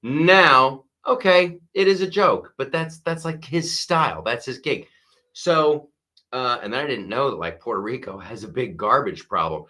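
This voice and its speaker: A middle-aged man hosting a live-stream podcast, talking in an animated, mocking way and laughing often. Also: medium pitch, unhurried. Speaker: podcast host. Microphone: wearing a strapped headset or mic.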